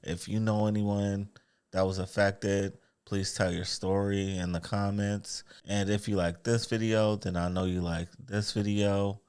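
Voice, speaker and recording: A man with a very deep voice hosts a casual commentary video. He talks slowly and earnestly, with sighs and a sympathetic tone. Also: level tone, a little mellow, clean tone. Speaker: commentary channel host.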